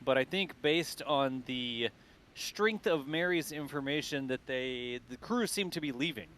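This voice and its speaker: An easygoing man hosts a live stream, thinking out loud in stretched-out phrases. His voice sits at an ordinary middle pitch. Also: measured pace. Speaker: livestream host.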